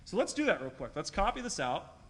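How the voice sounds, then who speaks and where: A man presenting a live software demo to a room of video editors, talking quickly and casually and checking in with the audience. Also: high-pitched, very animated. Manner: quick and chatty, keeps asking "right?". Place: meeting room at a live user-group meet.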